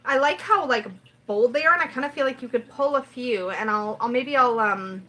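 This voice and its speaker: A woman's voice: a little high, moderate pace, fairly bright tone, rough recording. A woman hosting a casual livestream, chatting in a rambling way and reading out viewer comments. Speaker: tarot livestream host.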